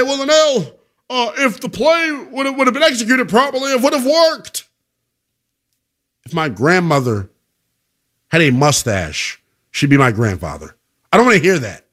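A fired-up man hosting sports talk radio, his voice sitting a bit high for a man. He hammers his opinions home, then drops into quieter, heavier stretches. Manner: emphatic, opinionated, swings from loud to subdued.

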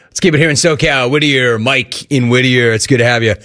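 A man hosting a sports talk radio show, taking calls and joking around in a fast, rapid-fire way. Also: mid-range voice, fairly bright tone.

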